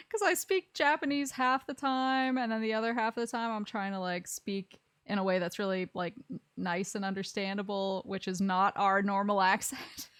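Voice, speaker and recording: A woman's voice: mid-range voice, moderate pace, no echo, studio quality. Giggly young woman with a Southern drawl. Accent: Southern US, Alabama. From Alabama, USA. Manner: chatty and giggly, rambling with frequent laughs. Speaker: streamer host. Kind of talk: casual stream chat.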